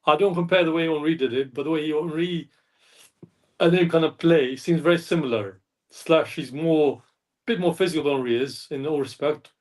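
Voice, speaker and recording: Man, slightly high voice, a fan panelist who rambles and keeps apologising; picked up from a distance. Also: normal speed, a little mellow. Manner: rambling, apologetic, self-correcting. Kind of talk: casual chat. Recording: distant mic.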